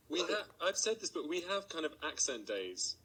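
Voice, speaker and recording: A man's voice: on the high side, big pitch swings, moderate pace, pushed and bright, breathy edge, low-quality recording. A man with an English accent, talking hesitantly and self-deprecatingly on a panel. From England. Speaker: actor on a panel. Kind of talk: casual panel talk.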